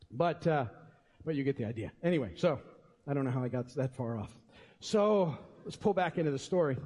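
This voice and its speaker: High-voiced pastor in a church hall. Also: male voice, animated, fairly quick, long pauses, a little mellow. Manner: conversational, folksy, with many fillers and restarts. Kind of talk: sermon. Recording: long reverb of a church hall.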